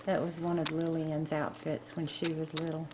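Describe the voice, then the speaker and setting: Chatty woman vlogging at home, lower voice, laughs easily. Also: level tone, moderate pace, noisy background. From Texas. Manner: cheerful, chatty, laughs often. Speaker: vlogger, pet monkey owner. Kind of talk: casual home vlog chat.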